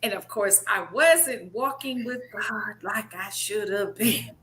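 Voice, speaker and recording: A woman hosting a live conversation, telling stories with lively acted quotes. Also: mid-range voice, slow, a little hiss or hum, low-quality recording. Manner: animated storytelling with acted quotes. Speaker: host.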